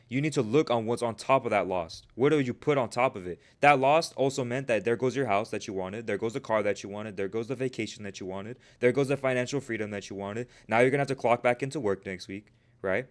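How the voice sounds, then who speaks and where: Speaking fast in a medium pitch, a man coaches traders over a live stream while fielding chat. His delivery is emphatic and motivational, almost preachy, peppered with "bro," "you guys," and a recurring "right?"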